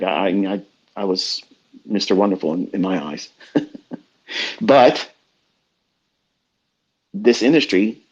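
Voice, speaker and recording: A man's voice: on the low side, breathy edge. A middle-aged man talking as a trading mentor in a blunt, profane, preachy rant. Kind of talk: unscripted rant. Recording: dull lo-fi audio.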